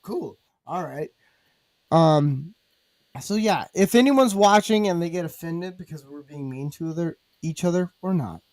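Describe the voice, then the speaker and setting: Brief: high-pitched male podcast host, dry close sound, teasing and crude. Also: lively intonation, unhurried, no echo. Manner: crude, teasing banter with loud laughs. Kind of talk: casual chat.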